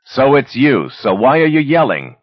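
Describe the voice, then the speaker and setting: A man reading as an impatient intelligence boss with a terse, clipped delivery and a husky edge. The recording is slightly muffled and dry. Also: mid-range voice, very animated, moderate pace, dry recording, voice pushed up. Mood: curt.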